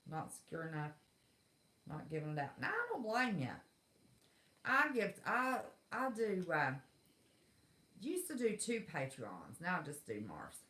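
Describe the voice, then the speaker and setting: Her pitch is fairly low but swings hugely, and she takes her time, pausing often, with a slightly bright tone. This middle-aged West Virginian hosts a livestream chat and rants in a blunt, folksy, exasperated way. The recording room echoes.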